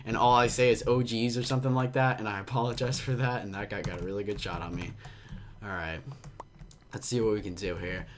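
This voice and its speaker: A young man giving excitable, jumpy commentary on a game, with a slight cough and frequent yelps and laughs. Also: mid-range voice, a little hiss or hum. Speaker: gaming commentator. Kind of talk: casual Minecraft gameplay commentary.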